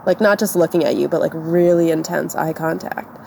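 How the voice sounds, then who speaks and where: Woman co-host, casual storyteller with a gravelly voice, faint hiss behind. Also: deep voice, fairly even intonation, fairly quick, a little mellow. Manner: tearful and shaken, voice breaking; casual, lots of "like". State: crying. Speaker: podcast co-host. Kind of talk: personal storytelling.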